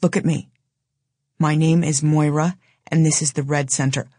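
A tough, defiant young woman gives blunt orders in a hard, intent voice, as a woman reads her part in an audiobook. The tone stays husky and close in a dry space. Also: deep voice, flat delivery, moderate pace, mellow, no room sound.

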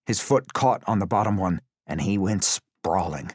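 A man's voice: low voice, lively intonation, moderate pace, husky, no room sound, clean studio sound. A man reading a tense story aloud as an audiobook narrator, with intense, vivid storytelling. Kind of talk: scripted dramatic narration.

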